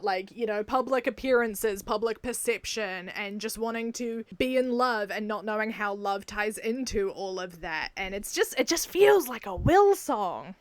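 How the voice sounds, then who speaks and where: A young woman with a New Zealand accent, chatting excitedly in a casual video, gushing and often laughing. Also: on the high side, no room sound. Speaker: video creator. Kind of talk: casual enthusiastic video commentary.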